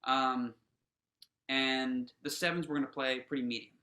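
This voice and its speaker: A man's voice: mid-range voice, fairly even intonation, measured pace, sharp tone, roomy sound, poor audio. A man teaching a snare drum workshop in a casual, encouraging way, with lots of fillers and restarts. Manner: counts players in aloud.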